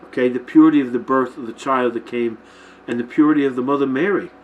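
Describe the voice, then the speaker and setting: A man with a medium-pitched, fairly even voice talks fast, his audio narrow and tinny with slight background noise from the camera mic he films himself with. As host of a Christian teaching show, he gives an informal Bible-themed talk to camera and checks in often with listeners.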